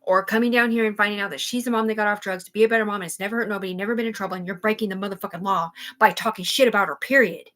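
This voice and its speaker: A woman venting on a livestream from home, angry and swearing as she rambles from one grievance to the next. Her voice sits at an ordinary middle pitch. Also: fairly even intonation, rapid-fire, hardly any pauses, fairly bright tone, low-quality recording. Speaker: livestream host. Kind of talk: live-stream rant.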